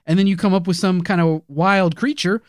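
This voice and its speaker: A man co-hosting a comedy podcast, brash and jokey in rapid-fire silly banter. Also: high voice, steady tone, dry recording, studio quality. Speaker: podcast co-host.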